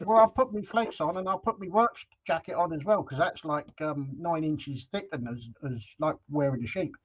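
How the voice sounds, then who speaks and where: Dry-humoured man, slightly higher voice. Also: moderate pace. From England. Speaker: co-host. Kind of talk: casual chat. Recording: dull lo-fi sound.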